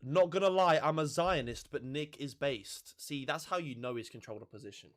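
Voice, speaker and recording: A man hosts his livestream in casual chat, his voice sitting a little high for a man. He is sarcastic, swears freely, and shrugs off viewers who annoy him. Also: brisk. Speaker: livestream host.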